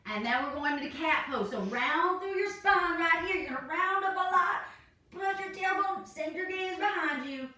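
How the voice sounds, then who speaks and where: Laid-back lady cracking jokes through a yoga class, high pitched, roomy far-off sound. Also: lively intonation, moderate pace, pushed and bright. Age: 40s. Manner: goofy, laid-back, playful asides. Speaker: yoga instructor. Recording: echoey room, mic far off.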